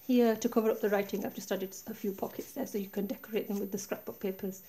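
Recorded on a tablet set high above her desk, a woman quickly talks through a handmade craft project in a mid-range voice. It's a casual, chatty show-and-tell where she relaxes and points out details step by step.

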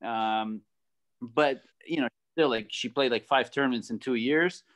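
A man sharing his views in a relaxed conversation, pausing often to find his words. His voice is of ordinary middle pitch. He sounds reflective and unhurried. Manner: thoughtful, hesitant. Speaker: guest, former tennis player. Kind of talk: casual video conversation.

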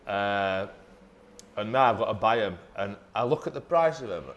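A man's voice: fairly low pitch, animated, moderate pace, muffled recording, slight background noise. A middle-aged man, a footballer guest telling blunt, sweary stories in a casual chat. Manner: blunt, sweary, laughs through his stories.

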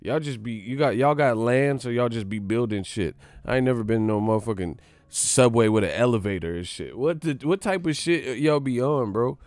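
A man's voice: mid-range voice, expressive, normal speed, a little mellow, no echo. A man hosting a live stream, chatting casually with his viewers, loose and profane, joking as he reads out their comments.

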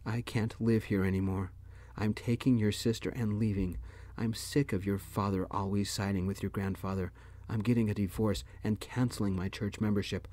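A man reading an upset mother who shouts at her husband as she leaves him, with a deep, dark voice. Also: fairly even intonation, normal speed, dry recording, natural voice. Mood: resolute. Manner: shouting, pleading.

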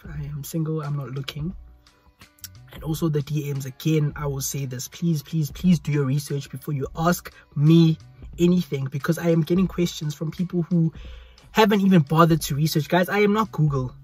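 Young South African man, husky and breathy, a bit high-pitched, chatty vlogger into a phone, faint music under. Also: steady tone, fairly quick, darkish tone, no echo. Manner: chatty, rambling, repeats pleas. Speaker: YouTuber. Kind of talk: casual vlog talk to camera. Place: hot indoor room. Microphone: phone selfie camera.

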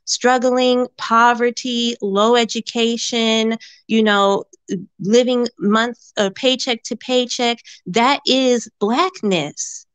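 A woman's voice: on the high side, fairly even intonation, takes it slowly, clean tone, dry recording. A woman calling in to a talk show, speaking earnestly and repeating words as she works out her point. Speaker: caller. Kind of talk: call-in conversation.

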